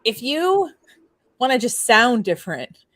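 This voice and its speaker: A woman's voice: a little high, big pitch swings, a little slow, a bit bright. A woman with a French Canadian accent hosting a casual chat, rambling with many fillers. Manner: chatty, rambling, lots of fillers. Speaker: host.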